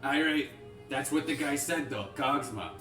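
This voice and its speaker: A man's voice: mid-range voice, a little slow, sharp tone, far from the mic. A young man playing in a tabletop game, playful and laughing often. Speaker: player. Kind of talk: tabletop role-play. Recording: echoey room, away from the mic, music behind.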